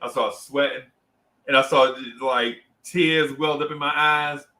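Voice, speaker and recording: A man's voice: a little high, measured pace, low-quality recording. A man hosting a livestream, animatedly telling a story and reading out chat comments. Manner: animated storyteller, acts out voices, reads chat aloud. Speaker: livestream host.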